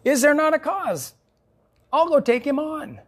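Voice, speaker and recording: A man preaching who voices the young shepherd David as bold and indignant, excited and incredulous. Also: very high-pitched, measured pace, pitched above the performer's own voice, exaggerated voice.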